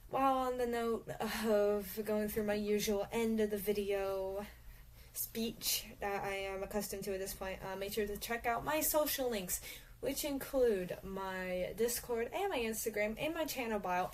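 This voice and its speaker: A woman hosting her own channel, talking in a casual, rambling way with many fillers and restarts. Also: mid-range voice. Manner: giggles often. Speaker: channel host.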